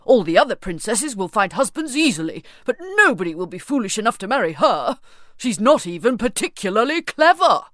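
A woman voicing a grumpy, boastful old king who grumbles and gloats loudly. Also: medium pitch, big pitch swings, fairly quick, dry recording, clean studio sound, pitched above the performer's own voice. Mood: complaining. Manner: blustering, loud and gloating.

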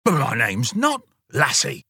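A man's voice: mid-range voice, huge pitch swings, creaky, pushed and bright, husky, dry recording, clean studio sound, voice pushed up, exaggerated voice. Man voicing a stern, fussy male dog. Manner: stern, chuckling, drawn-out growls.

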